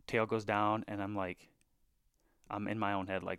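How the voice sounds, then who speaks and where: Smooth-voiced man telling a hunting story. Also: fairly low pitch, moderate pace, dry recording, clean studio sound. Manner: animated, filler-heavy retelling with hushed asides. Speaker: bowhunter guest. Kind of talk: casual podcast storytelling.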